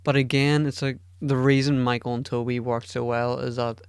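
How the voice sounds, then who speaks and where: A man's voice: medium pitch, completely flat delivery, moderate pace, clear, resonant tone, no echo, clean studio sound. A man hosting a podcast alone, rambling casually, swearing often and putting himself down. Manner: rambling and profane, self-deprecating. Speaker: podcast host. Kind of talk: casual solo podcast chat.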